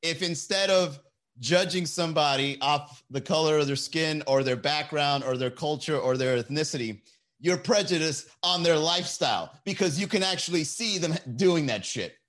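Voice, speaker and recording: A man hosting a comedy podcast, talking in a profane, animated, laughing monologue to a live chat. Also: fairly high pitch, normal speed. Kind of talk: casual comedy monologue on a livestream. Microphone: desk mic with mixer.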